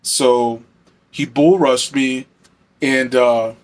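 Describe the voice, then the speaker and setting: A young man from Arizona tells a personal story in a loose, rambling way. He leans on fillers and curses freely. His voice sits at an ordinary pitch for a man. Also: steady tone, drawn-out words. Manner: rambling, filler-heavy, swears often. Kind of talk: casual storytelling.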